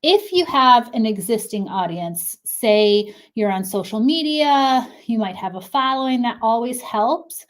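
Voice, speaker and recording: A woman's voice: fairly high pitch, lively intonation, unhurried, hardly any pauses. Chatty, encouraging woman in her thirties. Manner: chatty, encouraging, frequent fillers. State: pregnant, a little out of breath. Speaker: clothing brand consultant. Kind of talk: casual advice talk to camera.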